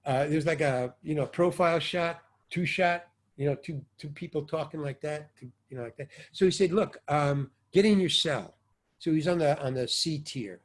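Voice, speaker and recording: An older man being interviewed about his acting work, telling stories in a loose, animated way and acting out the dialogue, sometimes with a curse. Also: a little high, moderate pace. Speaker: actor interviewee. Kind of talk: casual anecdotal storytelling.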